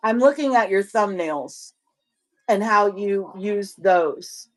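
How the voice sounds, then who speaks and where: A woman's voice: mid-range voice, animated, slow. A woman with a Southern US accent on a casual livestream, coaching other sellers in a rambling way, often repeating herself and restarting.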